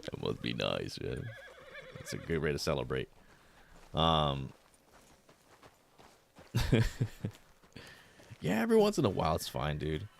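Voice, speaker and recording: A man's voice: a bass voice, wildly swooping pitch, measured pace, creaky, long pauses, slight background noise. A man in his thirties streaming a game, chatting casually in a rambling, laid-back way, swearing often and dropping in Spanish words. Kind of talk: casual chat while gaming.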